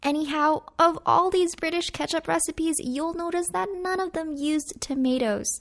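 A woman's voice: extremely high pitch, normal speed. A woman co-hosting a food history podcast, reading a script in turns with her partner in an upbeat way. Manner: upbeat, reads facts in turns with co-host. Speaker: podcast co-host. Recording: faint music underneath.

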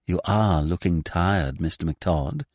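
A man's voice: low-pitched, takes it slowly, darkish tone, no echo, studio quality, pitched below the performer's own voice. A man voicing a sentimental middle-aged woman poet who fusses effusively over her companion. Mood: gushing. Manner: effusive, fussy, falsely solicitous.

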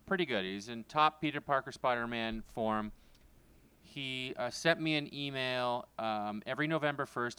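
A man's voice: medium pitch, sharp tone, smooth. A man co-hosting a casual podcast, telling rambling stories full of fillers and self-corrections. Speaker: podcast co-host.

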